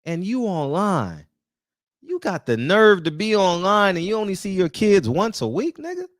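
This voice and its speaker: Fired-up man preaching with lively pitch. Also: normal speed, no echo, studio quality. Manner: preachy, confrontational, repeats rhetorical questions. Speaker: barbershop talk show host. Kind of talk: heated casual monologue.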